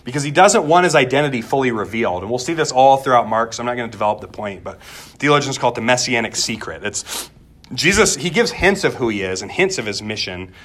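A man's voice: medium pitch, expressive, fast, a bit bright. A pastor preaching a sermon in a conversational way, repeating words as he goes and asking the room questions.

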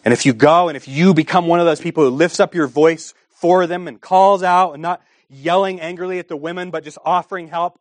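A man preaching a sermon with impassioned delivery, asking rhetorical questions and swinging between hushed and raised passages. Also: fairly high pitch, fairly even intonation, brisk, no room sound. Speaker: pastor.

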